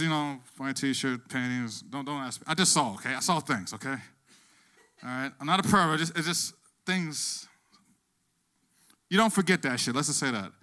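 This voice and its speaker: A man telling a true story casually on stage, profane and animated, acting out the voices of the people involved. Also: medium pitch, clean tone.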